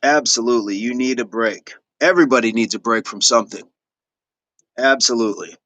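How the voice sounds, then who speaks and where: A man's voice: medium pitch, a little fast, bright, forceful tone, dry recording. A middle-aged man hosting a fitness livestream, chatting casually with viewers and repeating affirmations as he reads their comments.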